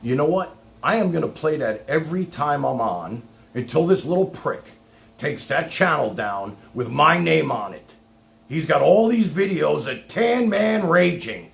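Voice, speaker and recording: A man's voice: a little high, expressive, unhurried, creaky, a bit bright. A man hosting a livestream, ranting in a heated, mocking and sarcastic way. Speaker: livestream host.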